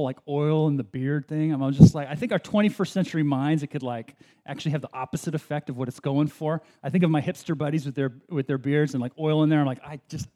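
A man preaching a sermon as pastor in a church, conversational and animated, with self-deprecating asides. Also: fairly high pitch.

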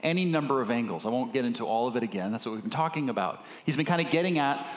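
Lively conversational pastor in an echoey hall. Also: male voice, medium pitch, rapid-fire. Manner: conversational, with filler words and restarts; gets emotional speaking of his children. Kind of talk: sermon. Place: church sanctuary. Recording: echoey church hall with long reverb.

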